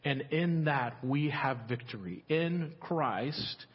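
A husky male pastor preaches in a church with a long, ringing reverb. His voice climbs to fervent peaks and then sinks low and quiet. The recording sounds slightly dull and muffled. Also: animated, slow pace. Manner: builds to fervent rising climaxes, then drops low and quiet. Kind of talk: sermon. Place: church sanctuary.

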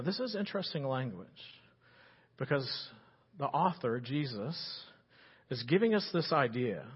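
A male pastor preaching an animated sermon, swinging between loud emphasis and hushed earnestness. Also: medium pitch, husky, lo-fi sound.

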